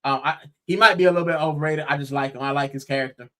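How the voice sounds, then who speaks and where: A young American football podcast co-host talks very fast in a slightly high voice. He's animated in casual conversation, exclaims a lot, and says bro often.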